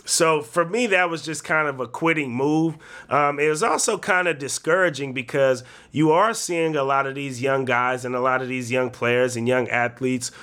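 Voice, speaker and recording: A man hosting a casual sports talk show, laying out his opinions at length in a measured way. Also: a little high, sharp tone. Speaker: show host.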